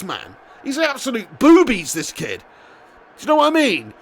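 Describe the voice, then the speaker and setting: A young man streams a football game, chatting with viewers. He talks in a fairly high voice, swears freely and bursts into loud shouts when his team scores. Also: huge pitch swings, normal speed. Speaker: streamer playing a football career mode. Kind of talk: live gaming commentary and chat reading.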